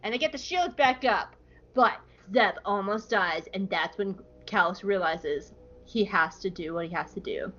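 A woman podcast co-host retelling a fan story in a casual, giggly, animated way. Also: mid-range voice, normal speed. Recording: dull lo-fi podcast audio.

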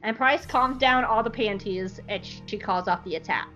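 A woman's voice: mid-range voice, moderate pace. Woman, podcast host, casual recap, irreverent, faint music, dull sound. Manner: animated, joking, irreverent.

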